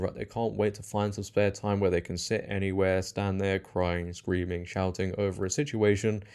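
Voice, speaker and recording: A man's voice: fairly low pitch, a little mellow. A young man hosting political commentary in a mocking, sarcastic tone. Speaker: commentary channel host.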